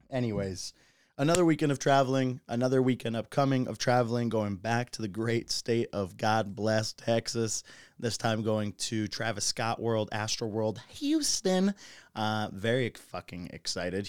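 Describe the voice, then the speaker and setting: Man hosting a solo podcast, profane, chuckling, lowish voice, dry close sound. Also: a little mellow, clear, resonant tone, no echo. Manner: profane, laughing storyteller. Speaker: podcast host. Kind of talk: casual solo podcast monologue.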